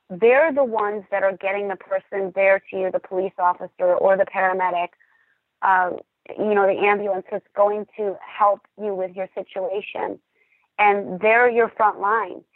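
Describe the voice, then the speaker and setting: A calm, earnest woman, a dispatcher, speaks on a podcast in a measured way. Her voice has a gravelly, fry-tinged edge. It comes through a thin, tinny, phone-like line in a dead, dry space. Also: mid-range voice, dry recording. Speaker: emergency dispatcher and podcast guest. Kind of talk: podcast talk, personal account.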